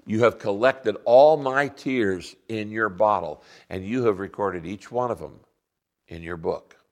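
A man preaching a sermon as pastor, earnest, slowing down to stress key lines. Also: on the low side. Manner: earnest preaching, slows down for emphasis.

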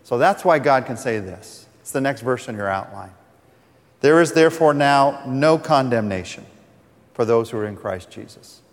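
A man's voice: mid-range voice, animated, moderate pace, long reverb tail. A man preaching a sermon as pastor, earnest, reading scripture aloud.

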